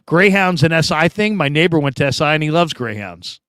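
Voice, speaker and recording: A middle-aged man from California hosting a sports show, chatting casually through live comments and telling stories with animated quoted voices. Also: a little high, fairly quick, smooth, dry recording, clean studio sound. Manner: animated storytelling, laughs often, acts out quoted voices.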